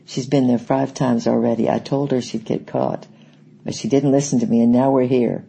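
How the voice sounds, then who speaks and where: A man's voice: medium pitch, little pitch movement, moderate pace, vocal fry, dark tone, slightly rough, poor audio. A man reading the part of a defiant, sulky young woman prisoner who protests sharply. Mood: defensive.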